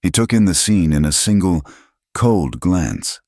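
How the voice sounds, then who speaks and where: A man narrating a western story in a measured, solemn scripted delivery. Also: low-pitched, animated, a little mellow, no echo, clean studio sound.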